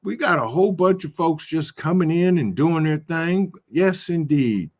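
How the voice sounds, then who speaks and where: A man's voice: fairly high pitch, lively intonation, moderate pace, darkish tone. A man hosting a casual livestream, reading viewer comments aloud and greeting each one by name with a chuckle. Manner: chuckles often. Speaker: livestream host reading chat. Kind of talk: casual chat.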